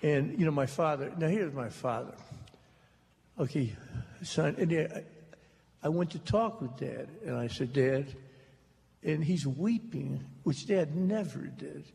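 An American man tells dry, funny family stories to a live audience and acts out the voices in them. His voice is gravelly and pitched a touch high, and he takes his time. The archival recording carries the long reverb of a large hall. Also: lively intonation, a little slow, a little mellow. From United States. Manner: wry, dry storyteller, acts out quotes. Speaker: author telling stories on stage. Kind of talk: humorous anecdotal storytelling to a live audience.

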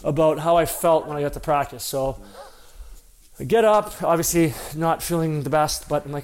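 A man's voice: a little high, moderate pace, soft background music. A former hockey player telling a personal story in a casual, conversational way, acting out the dialogue as he goes.

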